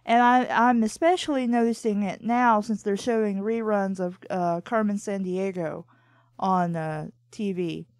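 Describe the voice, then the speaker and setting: A woman's voice: medium pitch, steady tone, measured pace, darkish tone, dry recording, studio quality. A woman co-hosting a casual talk show, telling long rambling stories about watching cartoons. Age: adult. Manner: rambling, full of "I'm like" and restarts. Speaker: podcast co-host. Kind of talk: casual chat, anecdotal storytelling.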